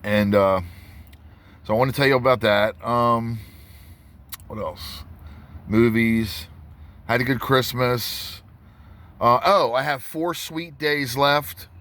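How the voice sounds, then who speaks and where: A man's voice: medium pitch, slow pace, long pauses, fairly bright tone. A tattoo artist telling a rambling story in a casual vlog, full of restarts and asides to his viewers.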